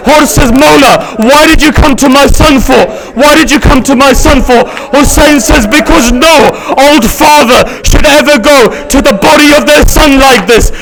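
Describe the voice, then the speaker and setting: A male preacher with a notably high voice delivers an emotional sermon as a story. He often sinks into soft, hushed passages before building back up with feeling. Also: creaky. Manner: dramatic, dropping to hushed tones then rising again. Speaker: Muslim preacher.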